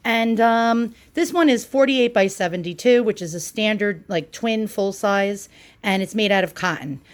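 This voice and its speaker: A woman's voice: medium pitch, moderate pace. A woman with a New York accent giving a casual how-to demonstration, chatty and full of ums and uhs. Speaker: product demonstrator.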